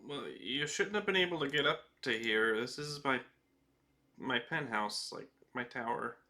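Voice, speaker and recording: A man voicing a small, curious young female deep gnome who questions the strangers. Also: moderate pace, pushed and bright, natural voice.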